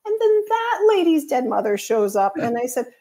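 A woman's voice: high voice, very animated, normal speed, mellow. A woman, a psychic medium guest, chatting casually and telling stories with acted-out quotes. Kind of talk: casual storytelling chat.

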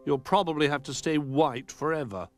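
A man's voice: on the high side, normal speed, no room sound, faint music behind, voice pushed up, natural voice. A man voicing a prim, know-it-all toy duck in a storybook reading.

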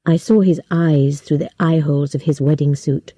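A woman reading a story aloud slowly and clearly for English learners. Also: deep voice, dry recording. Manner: slow, clear, even storytelling. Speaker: story reader. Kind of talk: slow scripted narration for English learners.

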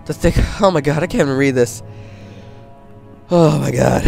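A young man yelps and panics through a horror game, reading text aloud between outbursts. His voice runs a little high, with faint game music behind. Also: normal speed, vocal fry, pauses often, a little mellow. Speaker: gamer. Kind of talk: horror let's play commentary.

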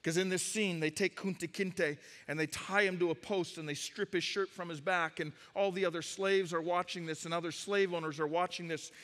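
Bright-voiced preacher in a reverberant sanctuary. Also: male voice, high voice. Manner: emphatic storytelling preaching. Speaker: pastor. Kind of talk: sermon.

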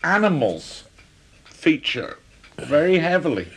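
Lively-pitched male interviewer. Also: takes it slowly, slightly rough. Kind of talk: interview questions.

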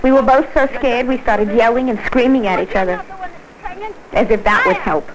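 A woman's voice: fairly high pitch, normal speed, a crowd in the background, close to an everyday voice, low-quality recording. An actress voicing a scared pregnant teenage girl, narrating her story in earnest, plain first-person narration for an old educational film.

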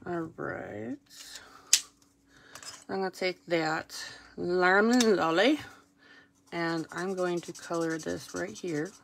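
A woman's voice: lowish voice, vocal fry, noisy background. A woman demonstrating a stamping craft project, chatting casually and a little self-deprecatingly as she works at her craft table. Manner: chatty, self-deprecating, thinking aloud while working. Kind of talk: casual how-to commentary while crafting.

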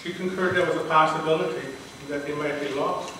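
At a speech contest, an older man delivers a prepared, earnest and dramatic personal story in a fairly high, steady voice, speaking a little fast. A distant mic in a large hall catches him with echo, faint ambience and a noisy background.

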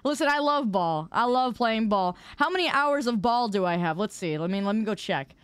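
A woman's voice: fairly high pitch, animated, moderate pace, clean tone, no room sound. A woman streamer chatting casually with her viewers while gaming, playful and mock-indignant as she answers chat. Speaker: live streamer.

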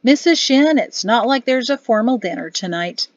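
A woman voicing an easygoing army general, matter-of-fact and gently teasing. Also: a little high, expressive, normal speed, dry recording, lo-fi sound, close to an everyday voice. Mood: dry amused. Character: easygoing older general, dryly amused.

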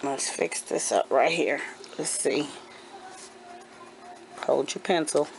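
A woman in her forties, a homeschooling mother, gently coaching her kindergartner through a handwriting lesson at home and repeating each step patiently. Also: low voice, slow, creaky, slight background noise. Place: at home indoors.

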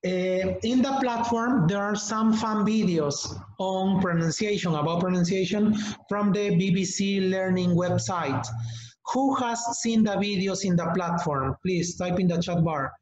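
A man hosting a live online teacher-training webinar, speaking slowly and deliberately, repeating words and calling on participants by name. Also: sits high. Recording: echoey, slightly muffled webinar audio.

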